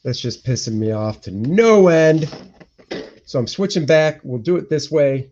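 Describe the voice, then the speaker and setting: A man's voice: a little high, expressive, a little slow, darkish tone, slight background noise. A man, a cartoonist hosting a live stream, chatting casually and thinking aloud, rambling and muttering to himself as he goes. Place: indoor home room. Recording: dull lo-fi stream audio.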